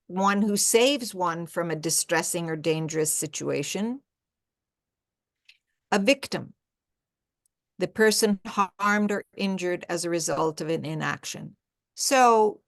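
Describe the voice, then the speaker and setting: A woman speaking earnestly at a faith gathering, presenting a reflective talk with slides and often halting to restart. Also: medium pitch.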